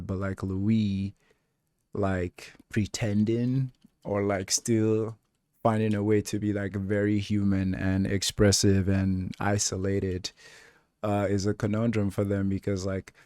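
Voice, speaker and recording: Slow, laid-back man rambling. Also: fairly low pitch, darkish tone, no room sound, studio quality. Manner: laid-back, rambling, many filler words. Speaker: reaction video host. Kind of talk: casual TV reaction commentary.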